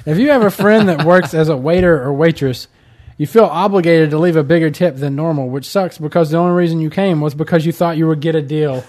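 A man's voice: on the high side, fairly quick, darkish tone. A young man in casual chat, ranting in an exasperated way.

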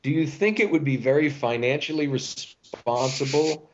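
Animated middle-aged male storyteller. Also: a little high, moderate pace, lo-fi sound, a little hiss or hum. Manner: animated storyteller with many restarts. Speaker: voice actor guest. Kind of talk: interview chat.

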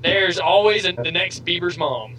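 A man's voice: high voice, expressive, normal speed, sharp tone, a little hiss or hum, low-quality recording. A man co-hosting a podcast, making blunt, crude wisecracks in casual chat. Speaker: podcast co-host.

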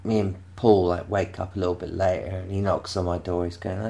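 A man's voice: low voice, fairly even intonation, fairly quick, creaky, mellow. A man from England telling a rambling anecdote in casual chat, often restarting and laughing. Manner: rambling, self-interrupting, laughing storyteller.

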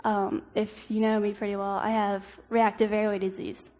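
Speaking at a church devotional, a young woman offers her personal testimony in an earnest, hesitant manner full of ums and false starts. Her medium-pitched, slightly mellow voice is flat, barely rising or falling, and it echoes through a hall with long reverb.

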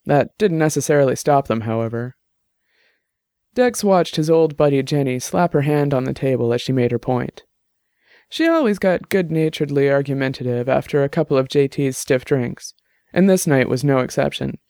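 A man's voice: mid-range voice, normal speed, darkish tone, no room sound. Man reading a novel, dry close sound. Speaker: narrator. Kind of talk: scripted novel narration.

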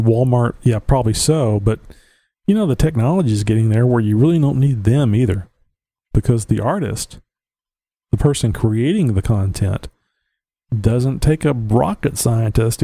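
A mellow, medium-pitched man hosts his own podcast with a Southern US accent, musing aloud bluntly and chuckling at his own opinions. The casual monologue is captured on a home podcast mic with no echo.

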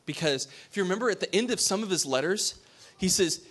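A pastor giving a sermon. He talks in a conversational way, asks his listeners questions and drops to a hush for emphasis. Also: fairly high pitch, lively intonation, a little fast, few pauses, husky.

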